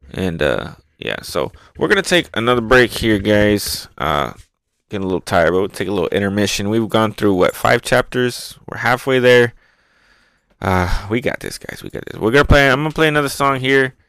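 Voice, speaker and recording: A man hosting a casual, excitable, rambling review show, often repeating words as he talks. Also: lowish voice, vocal fry, no room sound. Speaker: podcast host reviewing manga. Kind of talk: casual chat.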